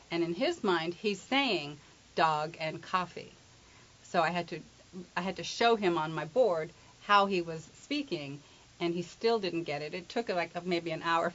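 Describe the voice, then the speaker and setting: In a dull, lo-fi recording with a little hiss or hum, a middle-aged accent coach from England discusses accents during an interview. Her lowish, slightly bright voice carries a playful, teasing tone as she demonstrates with spoken examples.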